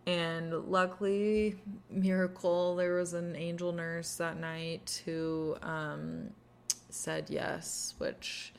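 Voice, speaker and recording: A young woman co-hosting a podcast, talking candidly and quickly agreeing with her partner. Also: lowish voice, flat delivery, creaky, slight background noise. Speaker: podcast co-host. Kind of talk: casual conversation.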